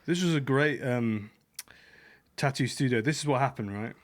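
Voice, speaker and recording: Laid-back young male podcast co-host, jokey and easygoing, average pitch. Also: normal speed. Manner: laid-back, chuckling, joking. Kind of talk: casual comedy chat.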